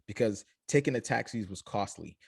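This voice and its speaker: A low-voiced young man tells his founder story in an interview, acting out the voices of his family as he goes. The sound is dry and close. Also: moderate pace, creaky, slightly rough, no echo. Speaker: shoe company founder.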